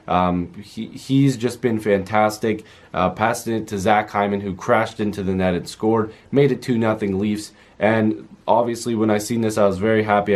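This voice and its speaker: A man's voice: lowish voice, a little mellow. A man recapping a hockey game in a chatty, rambling way with many fillers. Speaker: hockey fan video host.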